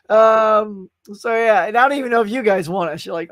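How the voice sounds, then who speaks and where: A man's voice: high voice, a little fast, fairly bright tone, dry recording, studio quality. A man from the United States hosting a casual live pop culture chat, rambling and answering viewers' comments.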